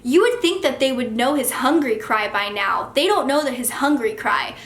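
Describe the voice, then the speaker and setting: A snide female wedding minister, as a woman mimics her, making loud, condescending remarks in a highish voice. The room adds a clear echo. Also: lively intonation, moderate pace.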